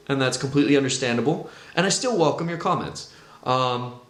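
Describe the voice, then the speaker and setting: A man talking through a personal testimony in a conversational, animated storytelling way. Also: fairly high pitch, roomy sound. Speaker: vlogger sharing his testimony.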